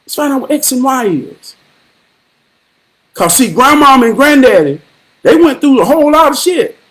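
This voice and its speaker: A man hosting a live stream, giving a profane, preachy monologue with rhythmic repetition and occasional shouted bursts. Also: extremely high pitch, big pitch swings, moderate pace. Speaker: livestream host.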